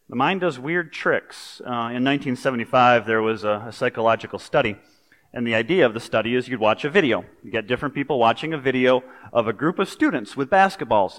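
Animated preacher in a reverberant hall. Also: male voice, medium pitch. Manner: conversational, animated storytelling with pop culture asides. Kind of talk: sermon.

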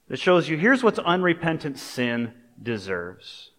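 A man's voice: on the high side, sing-song, a little slow, hardly any pauses, fairly bright tone. Conversational male pastor in a reverberant hall. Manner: conversational, storytelling, with asides. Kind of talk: sermon. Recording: long reverb of a large hall.

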